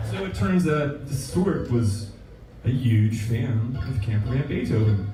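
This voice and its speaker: A man, a musician guest, telling a story in a casual, animated way and acting out the dialogue. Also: mid-range voice, unhurried, over music, a crowd in the background. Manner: animated, acts out quoted dialogue. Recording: echoey room, distant mic, noisy.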